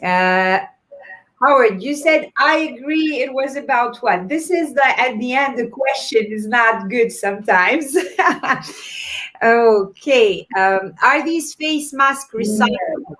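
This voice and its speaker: A woman with a non-native English accent hosts a live online chat. She sounds encouraging and talks in a fairly high voice. She reads comments aloud with plenty of ums and uhs. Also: slow pace, fairly bright tone. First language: not English. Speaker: host. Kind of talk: live-streamed event chat.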